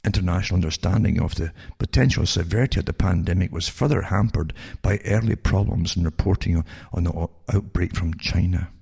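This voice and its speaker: A man's voice: a little fast, few pauses, a little mellow. An older man with a Scottish accent hosts a talk show, reading news items aloud and breaking off into sarcastic asides and rhetorical questions. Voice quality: very creaky, rough low voice. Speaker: radio talk show host.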